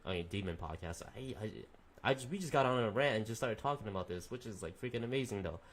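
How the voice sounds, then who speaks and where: A young man hosting a casual podcast stream, chatting loosely with viewers in a rambling, profane way. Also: on the low side. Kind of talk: casual chat with live chat viewers.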